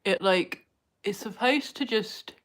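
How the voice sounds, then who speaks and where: A woman's voice: medium pitch, slow. A woman chatting casually to viewers at home as she does her makeup, rambling from one thing to the next. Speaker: vlogger. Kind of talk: casual get-ready-with-me chat. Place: at home indoors.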